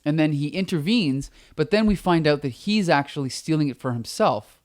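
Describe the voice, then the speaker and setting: A man co-hosting a comic book podcast in casual chat, talking with a lozenge in his mouth and getting animated as he retells scenes. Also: on the high side, normal speed. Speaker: podcast co-host.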